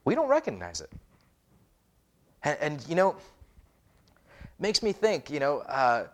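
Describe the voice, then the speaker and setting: A man's voice: fairly high pitch, huge pitch swings, measured pace. A man, a pastor, preaching a conversational sermon with many rhetorical questions. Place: church.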